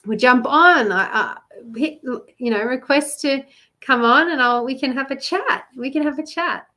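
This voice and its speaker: A woman's voice: high voice, a little slow, pushed and bright. A chatty woman with an Australian accent, doing a live card reading for love, greeting viewers by name and laughing often. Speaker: love coach and card reader.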